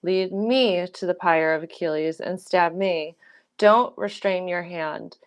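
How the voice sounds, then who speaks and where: A woman's voice: fairly low pitch, slow pace, smooth. A woman reading the part of a grieving, defiant old queen mother in a dramatic reading, in her own plain voice. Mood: pleading grief.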